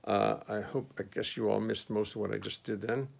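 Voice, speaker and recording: Gravelly-voiced man musing on a phone stream. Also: level tone, brisk, a little mellow. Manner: musing, easygoing, talks to himself. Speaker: musician hosting a livestream. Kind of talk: casual rambling chat between songs. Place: home music studio. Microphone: phone on a stand. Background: his own double bass playing.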